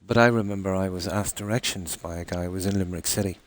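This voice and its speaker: An Irish man streaming a game live, chatting casually in a rambling way with many pauses and restarts. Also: deep voice. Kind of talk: casual live-stream chat while gaming.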